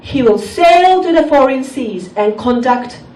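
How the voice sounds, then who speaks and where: Japanese woman, stand-up comedian, deadpan, unhurried delivery, echoey room, distant mic. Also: high voice. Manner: deadpan, slightly broken English with comic pauses. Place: comedy club stage. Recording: echoey venue mic heard from a distance, audience noise. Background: audience laughter.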